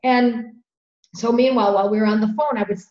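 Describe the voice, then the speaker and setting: A middle-aged woman hosting a podcast, telling a story in an earnest, animated way and repeating phrases for emphasis. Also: a little high, brisk. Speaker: podcast host. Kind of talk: conversational storytelling. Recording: roomy, dull lo-fi sound.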